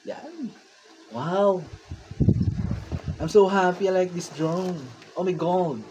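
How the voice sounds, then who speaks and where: A woman with a Filipino accent, unboxing a gift on her vlog, excitable and gushing, switching between English and Tagalog. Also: lowish voice, takes it slowly, background noise. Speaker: vlogger. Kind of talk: casual unboxing commentary.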